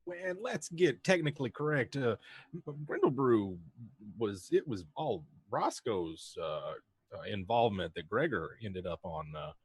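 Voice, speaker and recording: A man's voice: lowish voice, wildly swooping pitch, measured pace, husky, no room sound. A man playing a tabletop game, correcting details with many hesitations. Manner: pedantic, hesitant with fillers. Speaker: player. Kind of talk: casual chat at a game table.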